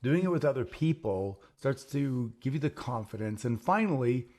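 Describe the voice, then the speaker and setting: A man's voice: mid-range voice, expressive, moderate pace, a little mellow. A man hosting a casual conversation, telling personal stories and acting out the quoted exchanges. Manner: storytelling, acts out quoted exchanges. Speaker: program founder and host.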